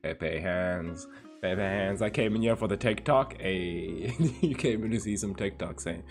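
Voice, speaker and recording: A man with a fairly low voice chats casually on a livestream, greeting viewers by name and reading their messages aloud. His delivery is relaxed and easygoing. Faint music plays in the background. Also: unhurried, gravelly. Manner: laid-back, greets viewers by name and reads chat aloud. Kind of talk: casual stream chat.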